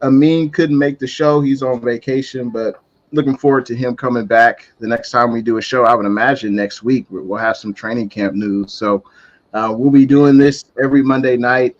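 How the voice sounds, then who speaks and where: A man's voice: medium pitch, steady tone, moderate pace, highs cut off. A man hosting a fan talk show, closing it out in an easygoing, thankful way. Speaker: show host. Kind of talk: casual chat.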